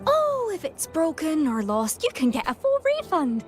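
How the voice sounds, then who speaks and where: An actress with a Scottish accent voicing a cheerful female courier who reassures customers in a sales-pitch way. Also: wildly swooping pitch, moderate pace. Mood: reassuring. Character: upbeat young female courier, small but mature. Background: game music.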